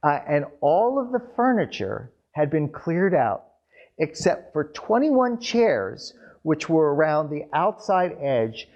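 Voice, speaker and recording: A man telling a family story to a live audience in an animated storytelling style with wry asides. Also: a little high, slow pace, lo-fi sound.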